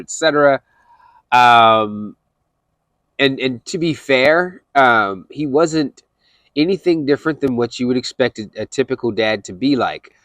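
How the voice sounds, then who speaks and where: A man's voice: mid-range voice, a bit bright. A man with an ordinary mid-range voice tells a long story in an easy, rambling way. He often circles back and repeats his phrases. The sound is dry and close, with no room echo. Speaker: dog kennel owner. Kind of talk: casual storytelling.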